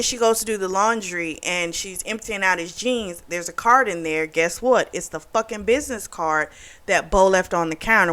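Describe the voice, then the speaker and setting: Female book club host; chatty, foul-mouthed, indignant recap delivery with quoted dialogue. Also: medium pitch. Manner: animated, profane, indignant retelling with voiced quotes. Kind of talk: casual book review recap.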